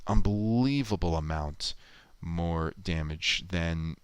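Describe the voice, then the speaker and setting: A man with a deep, clean-toned voice speaks slowly while casually chatting on a livestream as he edits a video. He muses and thinks aloud, reading viewer comments out. The recording is low quality with no room sound.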